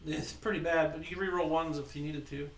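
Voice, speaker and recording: A man acting as dungeon master, handing out quick, teasing rulings. His voice sits slightly high and carries echo from a mic set well back in the room. Faint noise hums underneath. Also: fairly even intonation, distant mic. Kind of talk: running a tabletop game.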